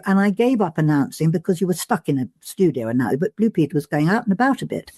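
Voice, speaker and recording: An older woman with a mellow, well-spoken voice reminisces in a relaxed conversational way. Her stories come out full of small restarts and thoughtful ums. The sound is close and dry, with no room echo. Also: deep voice, fast, few pauses. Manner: chatty storyteller with frequent restarts and ums. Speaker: podcast guest.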